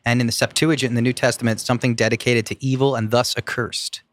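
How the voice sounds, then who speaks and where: Quick-talking joking podcast man. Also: mid-range voice, little pitch movement, a bit bright. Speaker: podcast co-host. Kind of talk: casual podcast chat.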